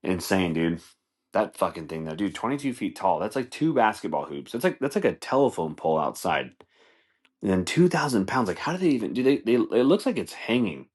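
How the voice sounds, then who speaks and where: A man's voice: lowish voice, very animated, fairly quick, slightly rough. A man hosting a podcast, rambling through a profane comedic monologue, laughing often and acting out scenes. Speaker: podcast host.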